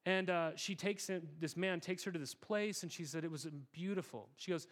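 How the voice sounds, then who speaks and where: Male pastor, slightly high voice, casual and earnest sermon storytelling, talks to the room like friends. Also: normal speed. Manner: conversational, earnest storytelling with fillers; addresses congregation as "guys".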